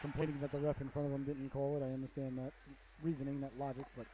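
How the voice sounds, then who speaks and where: A man's voice: medium pitch, completely flat delivery, quick pace. A man doing play-by-play for a hockey game, with folksy jokes and frequent asides to the audience. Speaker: play-by-play commentator. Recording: noisy amateur broadcast audio.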